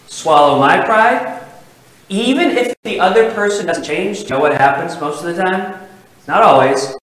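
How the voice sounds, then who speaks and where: A man's voice: a little high, low-quality recording. A male pastor preaching a sermon, telling a personal story with acted-out dialogue. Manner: animated storytelling, acts out quoted dialogue.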